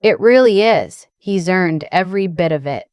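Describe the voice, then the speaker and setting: A woman doing a gentle, tearful young woman. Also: fairly low pitch, expressive, moderate pace, clean tone, dry recording, clean studio sound, close to an everyday voice. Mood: tender. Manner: gentle, emotional, confiding. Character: young woman, soft-spoken, grateful and tender.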